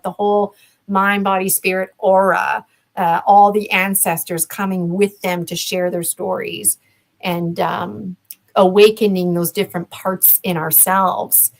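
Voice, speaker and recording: Woman from Canada, mid-pitched, a guest speaking over a video call, loose and meandering with lots of ums. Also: rough recording. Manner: rambling, reflective, many fillers. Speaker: guest promoting a conference. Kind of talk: casual video-call interview.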